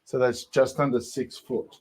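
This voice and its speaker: A man's voice: mid-range voice, little pitch movement, unhurried, darkish tone, low-quality recording. Man demoing products step by step. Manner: walks through features step by step. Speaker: live shopping show host. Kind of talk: product demonstration.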